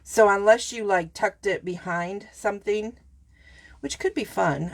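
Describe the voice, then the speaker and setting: A woman's voice: medium pitch, a little slow, creaky. Chatty woman demonstrating card making. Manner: chatty, self-correcting, talks straight to viewers. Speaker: papercraft demonstrator. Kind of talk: casual craft tutorial.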